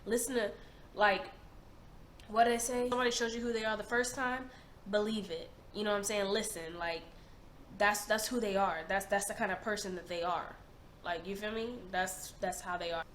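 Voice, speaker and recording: A woman's voice: mid-range voice, fairly even intonation, normal speed. A young woman in her twenties, hosting a reaction video in casual chat, emphatic and slangy, often repeating herself. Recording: roomy echo, faint noise.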